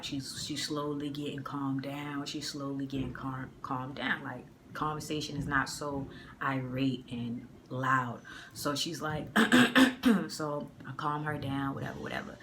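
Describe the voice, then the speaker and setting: A young woman from the area, telling a personal story in a casual, slangy, animated way on a phone mic. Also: very deep voice, slight background noise. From Boston area. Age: young adult. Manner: animated, slangy, acts out the dialogue. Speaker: vlogger.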